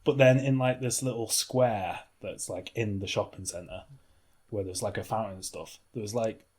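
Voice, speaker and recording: Guy hosting a podcast, husky, chatty, laughs a lot. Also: fairly low pitch, steady tone, moderate pace, a little mellow. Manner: chatty, laughs often, rambling with restarts. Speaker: podcast host. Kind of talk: casual chat.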